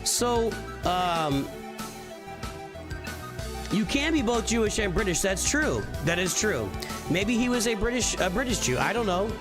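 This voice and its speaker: A man's voice: sits high, very animated, measured pace, long pauses, over music. A middle-aged man hosting a casual morning live stream, rambling and often restarting his sentences as he thinks aloud. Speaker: streamer and channel host.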